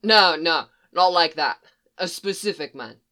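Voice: mid-range voice, animated, measured pace, bright, forceful tone. A reader voicing a roguish, sardonic British man who swears casually, in a British accent, in an audiobook reading. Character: roguish British male occult detective.

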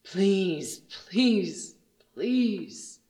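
A storyteller voicing a frightened young male bard who pleads softly and desperately. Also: mid-range voice, expressive, drawn-out words. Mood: pleading.

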